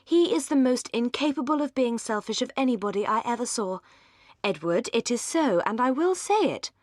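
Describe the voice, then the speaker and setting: A woman's voice: a little high, animated, moderate pace, a little mellow, no echo, clean studio sound, pitched above the performer's own voice, lightly acted. A woman voicing an ardent, impulsive young woman who speaks in emphatic, gushing outbursts in an audiobook. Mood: passionate.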